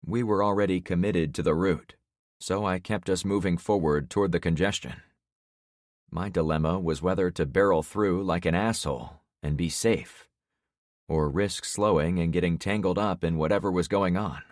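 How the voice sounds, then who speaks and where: A man narrating a first-person audiobook in a steady, matter-of-fact way. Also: low voice, normal speed, dry recording, clean studio sound.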